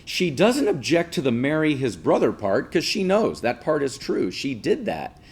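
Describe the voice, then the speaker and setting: A man's voice: medium pitch, sing-song, normal speed, breathy edge. A male teacher giving a casual classroom lecture, explaining patiently and checking in with listeners by asking 'right?'.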